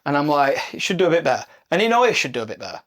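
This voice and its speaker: A man's voice: on the high side, sing-song, rapid-fire, fairly bright tone. A man, co-hosting a football podcast, talking earnestly and chattily. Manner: earnest, chatty, says "do you know what I mean". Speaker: podcast co-host. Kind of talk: casual football chat.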